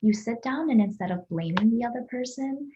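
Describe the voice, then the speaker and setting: A woman's voice: fairly high pitch, expressive, a little fast, dark tone, dull audio, slight background noise. A woman in a podcast conversation who speaks thoughtfully and reflectively and affirms what the other speaker says.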